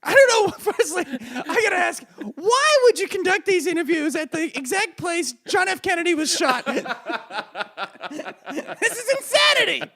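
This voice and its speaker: A man voicing a dim American man on the street who goes to rallies, with a high, cracking, goofy delivery. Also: sing-song, normal speed, gravelly, bright, forceful tone, exaggerated voice. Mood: dopey earnest.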